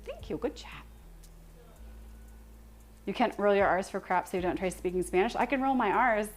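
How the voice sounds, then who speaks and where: A young woman hosting a cooking livestream from her home kitchen, chatting casually with viewers, self-deprecating and quick to laugh. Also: medium pitch, lively intonation, soft background music. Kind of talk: casual chat with live viewers while cooking.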